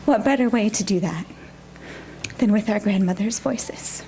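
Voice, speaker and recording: A woman minister preaching a gentle, reflective sermon in a church. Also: mid-range voice, unhurried, faint music behind.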